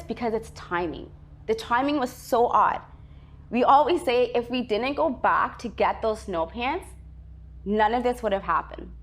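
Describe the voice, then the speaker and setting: A woman's voice: a little high, a little hiss or hum. Earnest woman vlogger telling a personal story. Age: 30s. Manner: earnest, chatty, filler-heavy and emotional.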